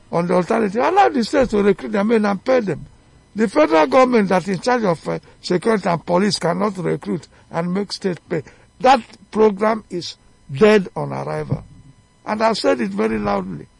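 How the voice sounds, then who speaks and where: Nigerian male studio guest, fiery and rhetorical, high and raspy voice. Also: no echo. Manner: emphatic, fiery, rhetorical questions. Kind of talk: heated radio debate. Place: radio studio.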